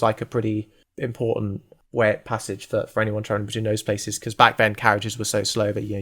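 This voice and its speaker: Podcast co-host, male, English, average pitch; loose, jokey, tangent-prone chat. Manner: rambling, lively, full of asides and jokes. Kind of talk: casual chat recapping a TV series.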